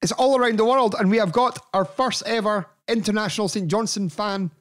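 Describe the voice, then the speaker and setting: A man hosting a podcast interview, upbeat and quick to laugh. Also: high-pitched, music in the background. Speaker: podcast host. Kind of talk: casual chat.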